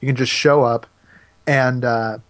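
Dude on a gaming podcast, dry jokes, medium voice, no room sound at all. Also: male voice, medium pitch, fairly even intonation, dry recording. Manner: wry, jokey, then brisk announcer-like. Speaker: podcast co-host. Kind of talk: casual gaming podcast chat.

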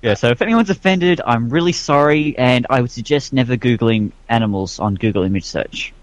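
A man's voice: medium pitch, brisk, no room sound. An Australian man chatting as a podcast guest, laid-back and joking at his own expense. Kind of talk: casual chat.

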